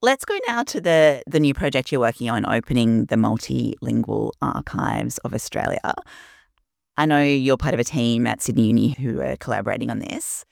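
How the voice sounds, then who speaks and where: A woman hosting an interview, asking measured, inquisitive questions. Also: a bass voice, lively intonation, vocal fry, dry recording, clean studio sound. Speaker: interview host. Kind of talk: radio-style interview questions.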